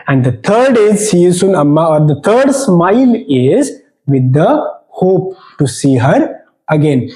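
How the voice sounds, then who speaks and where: A man teaches a poetry lesson for exam preparation. His voice sits high yet sounds mellow and soft-edged. He explains patiently and repeats key phrases to drive each point home. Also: poor audio. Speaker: English teacher.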